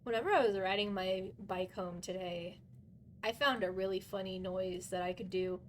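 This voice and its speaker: A woman's voice: medium pitch, steady tone, normal speed, background noise. A woman streaming a game live, commenting playfully, teasing other players and swearing freely.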